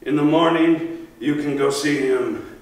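A man's voice: fairly high pitch, steady tone, measured pace, lightly acted. Man playing a fierce warrior hero. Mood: calm. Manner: stern and menacing. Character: fierce young warrior hero, quick to rage. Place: empty theater stage. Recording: echoey theater, mic far off.

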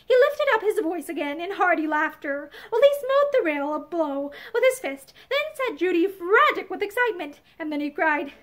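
Very high-voiced woman reading a storybook. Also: very animated, a bit bright. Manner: unhurried, with small restarts. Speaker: reader.

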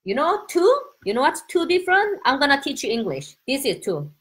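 Excitable Korean-accented woman teaching live. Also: high voice, a little fast, a little hiss or hum. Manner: excitable, laughing, chatty and spontaneous. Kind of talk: casual live-stream lesson.

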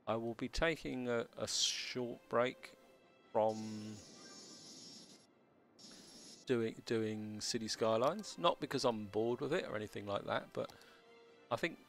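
A man hosting a city-building let's play, talking casually as he plays, with a slightly croaky voice and a halting, stammering way of speaking. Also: lowish voice, a bit bright. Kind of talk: casual gameplay commentary.

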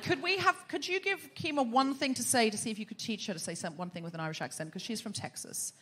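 An Australian woman hosting a live comedy podcast on stage, playful and quick to laugh. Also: fairly high pitch, a little hiss or hum. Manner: animated, laughing, playful teasing. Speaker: podcast host. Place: live theatre stage before an audience.

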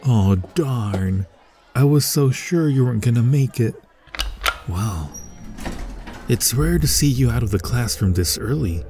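A man's voice: medium pitch, lively intonation, unhurried, pauses often, noisy background. A young man voicing a smug, teasing male college bully in a whispered role-play, muttering to himself. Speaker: ASMR roleplay voice actor.

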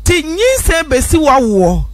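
A woman hosting a talk show, questioning guests loudly and probingly, sometimes drifting into a sing-song delivery. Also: sits high, very animated, takes it slowly, dry recording, soft background music. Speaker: radio talk show host. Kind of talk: confrontational call-in questioning.

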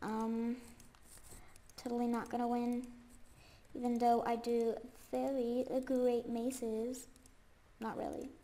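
A young woman with a very high voice that sounds stuffy and congested from a cold. She rambles casually through game commentary, full of fillers and sudden excited squeals, and she talks at an unhurried pace. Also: a little hiss or hum. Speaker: gaming YouTuber.

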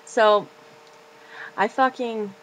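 A woman's voice: a little high, fairly even intonation, very slow, a bit bright, slight background noise, rough recording. A young woman in her late teens from Florida, ranting bluntly and profanely in a casual confessional vlog from her bedroom. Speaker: vlogger.

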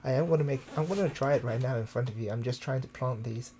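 A young man from the UK chatting casually and quietly with viewers during a game live stream, recorded on a desktop microphone at home. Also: mid-range voice, fast talker, a little hiss or hum. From United Kingdom. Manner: talks quietly to keep from waking neighbors at night. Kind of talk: casual live-stream chat while playing. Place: room at home, early morning. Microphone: desktop USB microphone.

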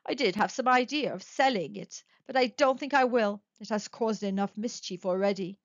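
A woman voicing a solemn old male soldier who speaks gruffly and gravely. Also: mid-range voice, normal speed, no echo, natural voice. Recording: dull dry recording.

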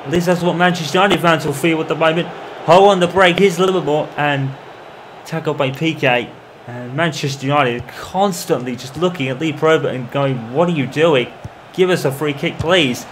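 A man commentating on his own football video game in the manner of a match broadcaster, calling the play and getting loud at goals. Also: on the high side, moderate pace, slight background noise. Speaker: gaming commentator. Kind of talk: mock football match commentary over gameplay.

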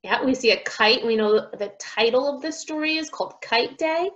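A young woman, a speech therapist, reading a picture book to children, slowly modeling sounds and praising each try. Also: high-pitched, a bit bright, highs cut off. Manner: slow, drawn-out modeling of sounds, encouraging praise.

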